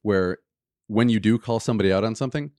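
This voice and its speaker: Low-voiced man host, dry sound. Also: fast talker, no echo. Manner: animated, acts out voices in anecdotes. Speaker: podcast host. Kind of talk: casual storytelling chat.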